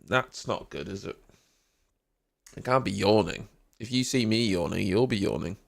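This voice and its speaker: Sleepy man with a gravelly voice. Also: on the low side, moderate pace. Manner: drowsy, rambling, greets viewers by name. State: sleepy, just woken up. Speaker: live stream host. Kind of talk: casual live reaction chat.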